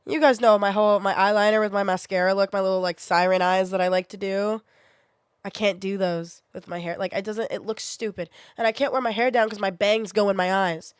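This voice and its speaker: A woman's voice: medium pitch, fairly even intonation, smooth, dry recording. A young woman streamer, sick with a sore throat, chatting casually and venting bluntly with plenty of swearing. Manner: blunt, swears often, quick to vent.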